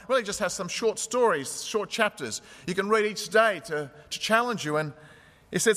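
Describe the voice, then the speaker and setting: A male pastor preaching earnestly and weaving stories into his sermon. His voice sits high and bright, and it rings out with a long church-hall reverb. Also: lively intonation, moderate pace. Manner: earnest, storytelling.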